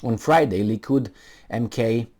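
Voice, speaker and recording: A man's voice: medium pitch, a little slow, darkish tone. A man giving casual, sarcastic commentary on a news story he reads aloud, rambling with many fillers and restarts.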